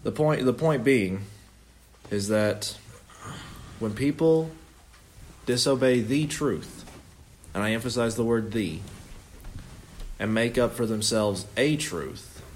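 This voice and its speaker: A young man teaches a Bible study in a relaxed, conversational way. His voice sits on the low side, and he often stops to correct himself before pressing on earnestly. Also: takes it slowly, a little hiss or hum.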